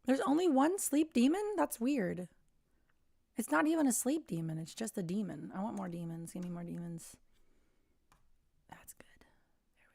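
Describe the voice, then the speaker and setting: A woman's voice: mid-range voice, expressive, normal speed, gravelly, mellow, no echo. A woman hosting a casual livestream, chatting in a rambling way and often trailing off mid-thought. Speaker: livestream host.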